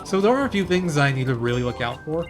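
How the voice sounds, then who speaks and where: A man's voice: fairly high pitch, lively intonation, fast talker. A man giving casual live commentary on his speedrun, chatting and thinking aloud while he plays. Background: game music.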